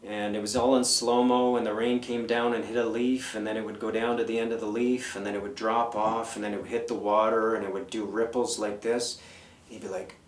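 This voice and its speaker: A man in his fifties, guesting in an interview, tells loose, rambling stories and reels off the names of old bands. He talks a little fast in a flat, lowish voice, recorded from a distance in a roomy space.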